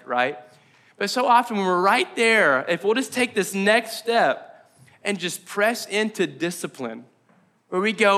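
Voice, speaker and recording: A man preaches in a loose, joking way, slipping into imagined inner voices as he talks. His voice sits high and sounds bright and forward. It is recorded on a mic in a church meeting room. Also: lively intonation, normal speed. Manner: conversational, jokey, acts out imagined inner voices. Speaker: pastor. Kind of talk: casual sermon.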